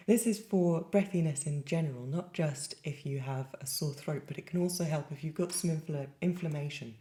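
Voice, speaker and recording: A woman's voice: sits low, warm tone. A woman giving a singing lesson in a chatty, lightly playful way, with sung demonstrations. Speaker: singing teacher.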